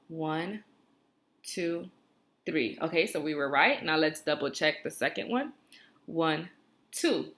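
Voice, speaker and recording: A woman teaching first graders in a recorded video lesson, with slow, clear, encouraging talk and drawn-out repeat-after-me phrases. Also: on the low side, sharp tone.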